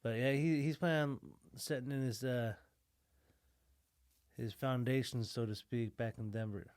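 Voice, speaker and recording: A man co-hosting a podcast in casual chat, relaxed and laid-back, swearing now and then. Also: mid-range voice, moderate pace, no echo, clean studio sound. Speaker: podcast co-host.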